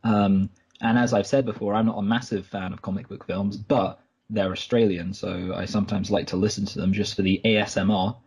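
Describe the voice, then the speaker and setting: A man's voice: lowish voice, level tone, a little fast, darkish tone, breathy edge, dull audio. A man co-hosting a film podcast, chatting casually and correcting himself as he rambles through stories. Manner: rambling, self-correcting storyteller. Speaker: podcast co-host.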